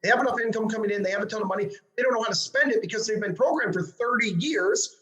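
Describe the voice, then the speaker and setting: A man hosting an interview show and working as a financial advisor, talking excitably and tossing in tag questions. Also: high-pitched, quick pace, poor audio.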